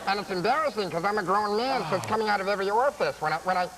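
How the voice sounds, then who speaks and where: A man voicing a squeaky, high childlike cartoon boy, as if he had inhaled helium, telling a silly story. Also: racing, noisy background, natural voice. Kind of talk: comic character voice on a talk show.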